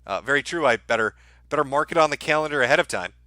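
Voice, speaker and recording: A man's voice: fairly high pitch, animated, fast talker, bright, forceful tone, no echo. A man streaming casually, reading out viewer messages and answering with dry, sarcastic asides. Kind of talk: casual livestream commentary.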